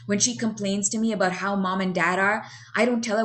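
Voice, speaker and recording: A young adult woman giving a heartfelt, halting personal testimony about her recovery, full of fillers and restarts. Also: medium pitch, steady tone, a bit bright. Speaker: recovery speaker sharing her story.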